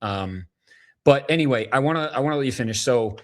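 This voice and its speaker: A man's voice: medium pitch, animated, a little fast, fairly bright tone. A man hosting an interview show, speaking earnestly and emphatically with stumbling restarts. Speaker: podcast host. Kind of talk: casual interview.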